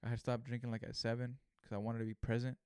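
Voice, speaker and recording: Speaking quickly in a clear, resonant, mid-pitched voice, a thirtysomething vlogger from California relaxes into a meandering story about his own life. Slang and frequent "you know" and "right?" fill his talk, captured in a dry, close recording without echo or room noise.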